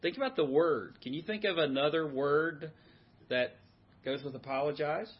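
A man's voice: a little high, moderate pace, slightly rough, highs cut off. A man leading a men's Bible study, asking the group questions and repeating their answers. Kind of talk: interactive teaching.

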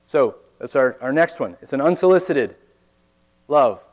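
A man's voice: medium pitch, animated, a little slow. A man preaching a sermon in an earnest, conversational way, often asking his listeners rhetorical questions. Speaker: pastor.

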